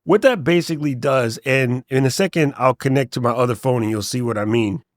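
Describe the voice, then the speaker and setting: A man's voice: mid-range voice, fairly quick, no room sound. Laid-back man explaining in a dry room. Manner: relaxed, joking, trails off at sentence ends. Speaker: tech tutorial host. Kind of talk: casual screen walkthrough tutorial.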